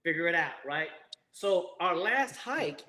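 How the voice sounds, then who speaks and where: A man in his forties with a notably high voice tells a long story in casual chat. He swears freely and laughs through his lines, animated and unfiltered. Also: unhurried. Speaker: guest, former Marine.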